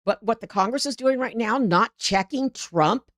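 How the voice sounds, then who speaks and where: A woman's voice: fairly high pitch, expressive, normal speed, hardly any pauses, fairly bright tone, no echo, clean studio sound. A middle-aged woman hosting a live political show, talking in a heated, rambling way with frequent restarts.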